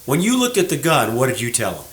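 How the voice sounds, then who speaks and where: Animated folksy man in an echoey shop. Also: mid-range voice, a little fast, a little hiss or hum. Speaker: show host, gunsmith shop owner. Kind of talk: casual explanatory chat. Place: gun shop workroom.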